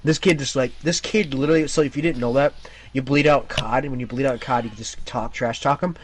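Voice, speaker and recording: A man hosting his own channel, casually telling an animated story about an online shooter match, chuckling and restarting his sentences. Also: medium pitch, fairly quick, slight background noise. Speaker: channel host.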